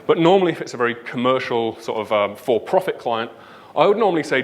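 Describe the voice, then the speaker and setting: A man with a Northern English accent speaks from a conference stage, chatty and lively. His pitch sits in the middle range, and he keeps checking in with the room as he explains. He sounds at ease in front of a crowd. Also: fast, slight background noise. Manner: lively, chatty, leans on "right?" and "um". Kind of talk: tech conference talk. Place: conference stage before an audience.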